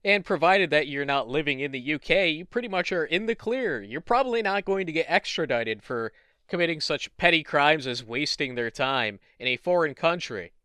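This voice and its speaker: Talk it through as a sarcastic man in casual commentary, high and bright, with a dry, close sound. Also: lively intonation, moderate pace, smooth, no room sound. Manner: sarcastic, swears, laughs often. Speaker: internet commentator.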